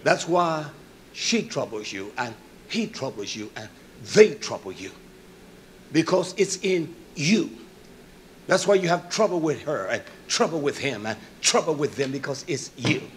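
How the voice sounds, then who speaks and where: A man preaching a sermon, emphatic, rising to shouts and dropping to soft asides. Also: fairly high pitch, very animated, a little slow, slight background noise.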